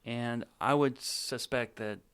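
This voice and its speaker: Calm male radio host asking questions. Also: medium pitch, slow pace, clear, resonant tone. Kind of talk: interviewing a guest.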